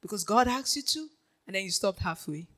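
A preacher giving a lively sermon, dropping to a hush and then rising to shouts, laughing often and checking in with the congregation. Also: medium pitch, brisk, poor audio. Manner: animated, swings from hushed to shouting, laughs often; keeps checking in with the audience.

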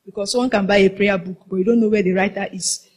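A woman's voice: medium pitch, steady tone, quick pace, a little mellow, slightly rough. A woman preaching a sermon in a large hall, fervent, half-singing phrases and calling on the congregation to answer back.

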